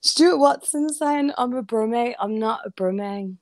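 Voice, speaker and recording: A woman's voice: on the high side, measured pace, no room sound. A woman from the West Midlands of England with a West Midlands accent, joining a casual chat on a video call. She is chatty and giggly, and tries to tone her accent down. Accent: West Midlands English. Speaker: caller guest.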